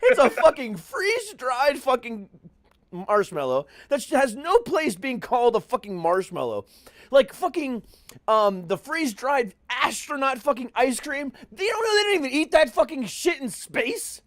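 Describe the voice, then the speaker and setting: Profane, animated man ranting. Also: very high voice, moderate pace, dry recording, clean studio sound. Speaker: podcast host. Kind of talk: casual podcast chat.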